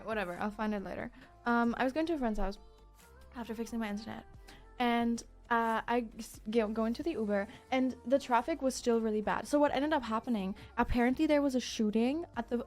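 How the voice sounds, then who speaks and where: A young woman from Germany with a German accent, a streamer casually telling a story to her chat, acting out the people in it and cursing freely. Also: on the high side. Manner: animated, acts out quotes, swears, many fillers.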